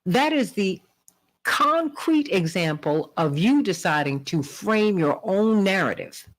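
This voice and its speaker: A woman hosting a radio talk show, telling stories with lively, rising delivery. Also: slow, low-quality recording. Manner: animated storytelling, rising pitch in quotes. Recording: radio broadcast.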